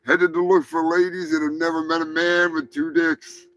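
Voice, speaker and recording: A man hosts a live comedy podcast in a crude, joking way, swearing freely. His voice is bright and a little high, and he talks unhurriedly. Faint music plays behind him. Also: level tone, normal speed. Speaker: podcast host. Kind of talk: casual comedic live show.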